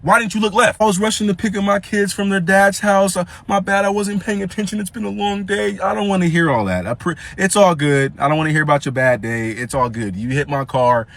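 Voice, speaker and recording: A young man casually telling a story in slangy, animated speech, acting out the dialogue. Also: high voice, a little fast, vocal fry, few pauses.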